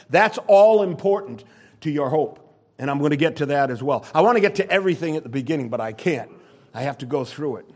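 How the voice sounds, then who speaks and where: An older man preaching a sermon, earnest and emphatic, rising to urgent exhortation and dropping to quiet asides. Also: a little high. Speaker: pastor.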